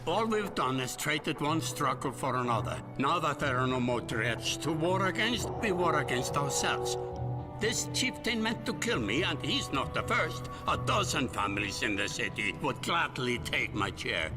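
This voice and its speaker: An actor playing a weary older male ruler in a game cutscene, speaking in a grave, measured way. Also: a little high. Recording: game audio with clear music. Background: music.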